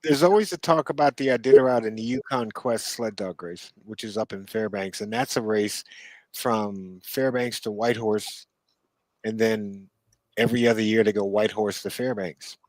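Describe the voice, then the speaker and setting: A man co-hosting a casual podcast chat, telling unhurried stories with asides and chuckles. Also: on the low side, dry recording, rough recording. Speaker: co-host.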